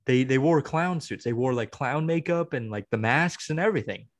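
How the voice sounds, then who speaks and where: A man's voice: mid-range voice, moderate pace. Young guy on a podcast ranting about his team, rambly, keeps restarting sentences. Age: young adult. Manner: rambling, exasperated sports venting with many restarts. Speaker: podcast co-host. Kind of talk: casual chat.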